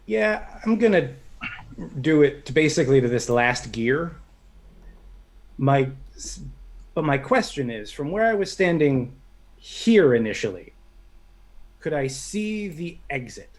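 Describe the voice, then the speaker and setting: A man's voice: on the high side, big pitch swings, unhurried, long pauses, poor audio. A man playing a tabletop game, hesitant and thinking aloud as he asks about rules. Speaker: player.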